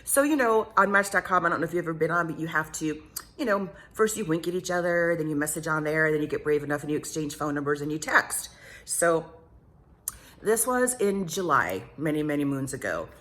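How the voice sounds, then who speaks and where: Vlogger type: middle-aged woman with a crisp, bright tone, animated storyteller, pokes fun at herself. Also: sits low, fairly quick. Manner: animated, self-mocking, laughs often. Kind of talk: casual storytelling.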